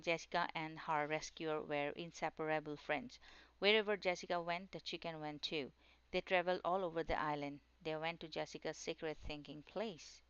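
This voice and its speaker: A woman narrating a children's storybook in a gentle, steady storytelling manner. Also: sits low, clear, resonant tone, no room sound, dull audio.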